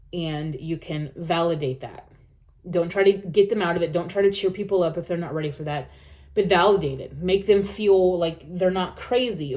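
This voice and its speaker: Speaking earnestly to camera, a female vlogger offers encouraging advice in a reflective personal talk. She repeats phrases for emphasis, and her voice is lowish with a darkish tone.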